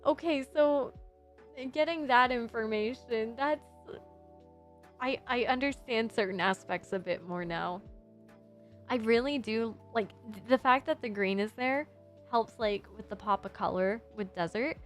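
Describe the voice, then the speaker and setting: A woman's voice: fairly high pitch, unhurried, fairly bright tone, faint music behind. A young adult woman streaming casually as a VTuber, rambling and giggling while reviewing designs. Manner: rambling, giggly, self-deprecating. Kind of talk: casual livestream chat.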